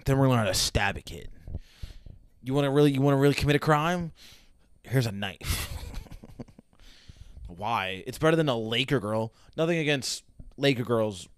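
A man's voice: medium pitch, animated, normal speed, pauses often, smooth. A young man giving casual, sarcastic reaction commentary with heavy swearing and rambling asides. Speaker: reaction video host.

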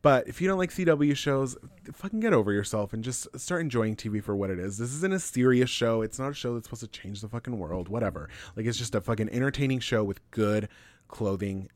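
A man's voice: medium pitch, expressive, a little fast, darkish tone, no echo. An American man co-hosting a podcast, talking in a profane, emphatic, opinionated way. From United States. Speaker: podcast co-host. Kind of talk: casual chat.

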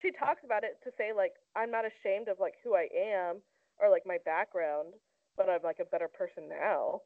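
A young woman chats through celebrity gossip with a co-host, every sentence padded with "like". Her voice sits at an ordinary pitch and sounds thin and tinny. The sound is close and dry, with no room around it. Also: moderate pace, no room sound. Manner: chatty, heavy use of "like". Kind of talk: casual celebrity gossip chat.

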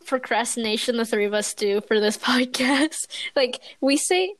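A woman co-hosting a podcast over a video call, animated and quick to laugh. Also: on the high side, dry recording. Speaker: podcast co-host. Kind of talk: casual chat.

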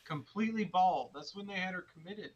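A man co-hosting a comedy podcast, talking casually in a dismissive, deadpan, profane way. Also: sits high, a little fast, highs cut off. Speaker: podcast co-host.

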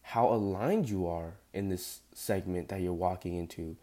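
A man's voice: low-pitched, moderate pace, dark tone. A young man hosting a solo podcast who has just woken up and sounds groggy, rambling with many fillers and emphatic repetition. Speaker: podcast host. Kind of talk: casual solo podcast monologue.

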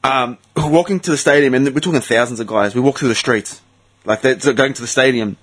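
Husky man swearing and storytelling. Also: medium pitch, fast. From Greece. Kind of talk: casual chat.

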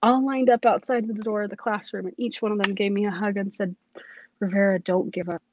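A woman's voice: mid-range voice, fast talker, a little mellow, lo-fi sound, a little hiss or hum. A woman, a police academy cadet, tells her personal testimony in an earnest, emotional way, often restarting her sentences.

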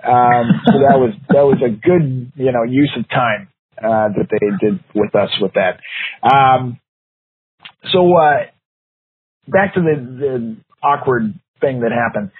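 A man's voice: medium pitch, slow pace, breathy edge, no room sound. A man in his fifties co-hosting a podcast, telling a long story in casual chat with lots of fillers and frequent laughter. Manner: rambling, laughs often, many fillers. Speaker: podcast co-host. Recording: tinny phone-like podcast audio.

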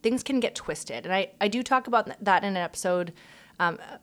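A woman's voice: mid-range voice, a little fast. A woman hosting a faith podcast, affirming her guest and reflecting in a casual chat, with frequent "um"s. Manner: warm, affirming, frequent "um" and "mm-hmm". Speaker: podcast host.

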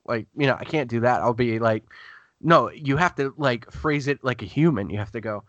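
A talkative man at a middle pitch, speaking as a guest sports writer. He rambles from one story to the next and acts out quotes along the way. The room sounds dry and close. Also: lively intonation, moderate pace, sharp tone, no echo, dull audio. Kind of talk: casual podcast conversation.

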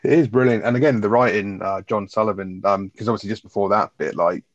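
A man talks very fast and a little low, stacking fillers and swearing as he retells sitcom scenes. The sound is dry and dull, like a lo-fi mic. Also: no echo. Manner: rapid, full of fillers like 'like', swears, quotes characters. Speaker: podcast co-host. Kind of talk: casual chat reviewing a sitcom episode.

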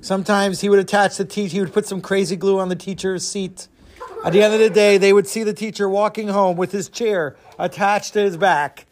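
A man telling a story to a group of children, expressive, with dramatic pauses. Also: sits high, slight background noise.

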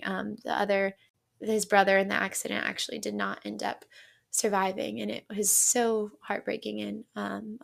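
Young woman, podcast guest, earnest testimony, flat delivery with vocal fry. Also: medium pitch. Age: young adult. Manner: earnest, halting, many fillers and restarts. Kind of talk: personal testimony.

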